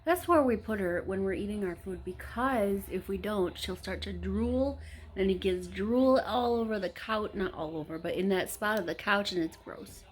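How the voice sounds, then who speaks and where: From her kitchen at home, a woman chats casually for a vlog, rambling and correcting herself as she goes. She speaks at a moderate pace in a medium pitch.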